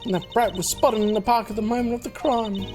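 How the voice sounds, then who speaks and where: A man putting on a coy, scheming young woman suspect, haughty, slightly raised voice, soft music behind. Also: high voice, steady tone, fast, natural voice. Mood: defiant.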